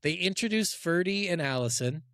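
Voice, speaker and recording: A man co-hosts a casual podcast, crude and joking, and laughs often. His voice sits a bit high. The sound is dry and close, with no room around it. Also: expressive, normal speed, a bit bright, dry recording. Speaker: podcast co-host.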